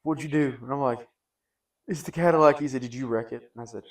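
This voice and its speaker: This young podcast host speaks quickly, with a drawl and an everyday mid-range pitch. In a loose storytelling chat with friends, he wanders, says "like" and "dude" a lot, and gets more worked up as the story develops.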